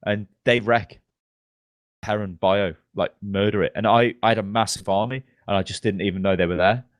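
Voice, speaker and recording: A man's voice: fairly low pitch, normal speed, no room sound. A young man co-hosting a gaming podcast, telling stories with lots of laughing and swearing. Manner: laughing, swearing, animated storytelling. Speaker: podcast co-host. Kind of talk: casual gaming chat.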